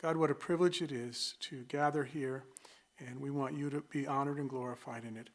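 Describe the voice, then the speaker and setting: A man's voice: mid-range voice, fairly even intonation, fairly quick. A man, the church's pastor, leading an earnest, fervent opening prayer.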